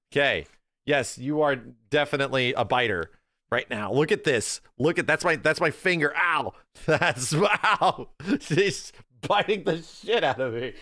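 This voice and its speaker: An excitable male streamer talks casually to his live chat from home, laughing easily. His voice sits at an ordinary middle pitch and the sound is dry and close, with no room around it. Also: no room sound.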